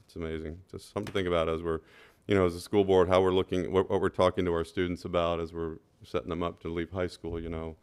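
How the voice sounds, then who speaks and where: A man on a school board, speaking at a meeting and telling an anecdote with lively asides and "right?". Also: deep voice, fast talker, clean tone. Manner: animated storyteller, repeats "right?".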